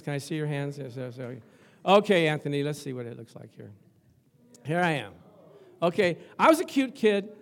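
Older male pastor, lively storyteller. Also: fairly high pitch, creaky. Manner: conversational and humorous. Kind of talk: sermon.

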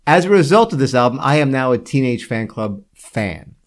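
Chatting casually as a podcast co-host, this man rambles and keeps restarting his sentences. He speaks at a normal speed in a mid-range voice with big pitch swings.

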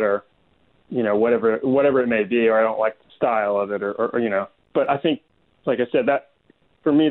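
A man being interviewed as a guest artist, speaking hesitantly with many ums. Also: mid-range voice. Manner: hesitant, soft-spoken, full of ums. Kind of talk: casual interview chat. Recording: tinny phone-like line.

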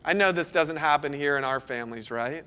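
A middle-aged man, a pastor, preaching a sermon and telling stories, sometimes breaking into loud bursts. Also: a little high, a little fast, clear, resonant tone. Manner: storytelling, animated with sudden loud bursts.

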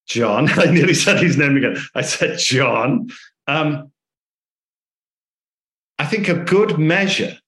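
A man being interviewed as an author, telling lively anecdotes and acting out the dialogue in them. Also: medium pitch. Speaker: author and guest. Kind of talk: conversational storytelling interview. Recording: echoey room.

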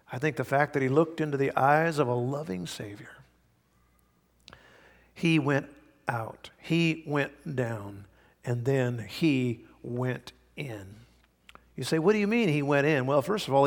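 A man preaching a sermon in a church, emphatic, swinging between loud and hushed. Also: mid-range voice. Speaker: pastor. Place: church sanctuary. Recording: long hall reverb.

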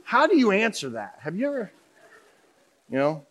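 A male pastor with a notably high voice delivers a sermon in a relaxed, conversational manner. He jokes and keeps asking the congregation questions. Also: moderate pace. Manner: humorous, conversational, audience questions.

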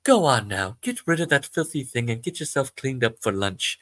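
A man's voice: medium pitch, lively intonation, moderate pace, a bit bright, no echo, studio quality. A man voicing a stern, disapproving mother with a British accent, scolding her son.

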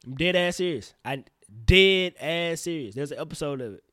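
A man hosting a casual solo podcast, rambling in slang with profane, animated outbursts. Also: a little high, moderate pace, no room sound, studio quality. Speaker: podcast host.

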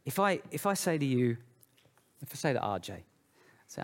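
A man preaching a sermon in an animated way, swinging between loud, emphatic phrases and quiet, low asides. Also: moderate pace, creaky. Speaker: pastor.

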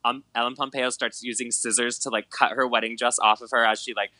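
A man in his twenties, medium-pitched and brisk, co-hosts a podcast and animatedly retells a dramatic story in casual chat, packed with "like" and "um." The audio is poor, with no room sound.

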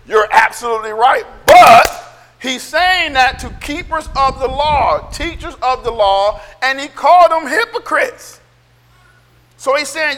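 High-voiced, fiery male preacher. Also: lively intonation, moderate pace, big-room sound. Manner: loud, emphatic, sounds like yelling; calls for amens from the congregation. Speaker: pastor. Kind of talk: sermon.

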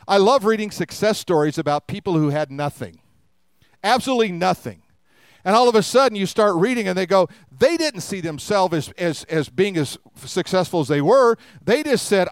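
High-voiced joking male pastor. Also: lively intonation, normal speed, smooth, no echo, clean studio sound. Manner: humorous, acts out quoted voices. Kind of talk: sermon.

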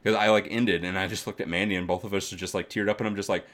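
Male podcast co-host, low voice, loose, excitable and profane, talks in long run-on stretches. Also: fast. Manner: rambling, animated, swears often, many fillers. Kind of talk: casual chat.

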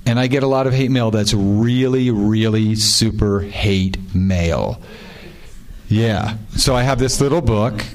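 An author on a panel, speaking a little slowly in a fairly low voice, tells stories and reads letters aloud with wry amusement. He laughs often and rambles, restarting his sentences.

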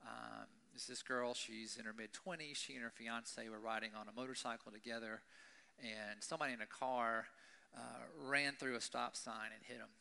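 Bright, clear-voiced male pastor preaching. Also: medium pitch, fairly even intonation, moderate pace. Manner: conversational, asks the audience "right?". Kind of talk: sermon. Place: church service with congregation.

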